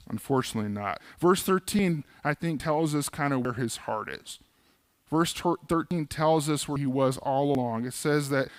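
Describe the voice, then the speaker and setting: A man's voice: fairly high pitch, dry recording. A man preaching a sermon as a pastor in a church, conversational with casual humorous asides.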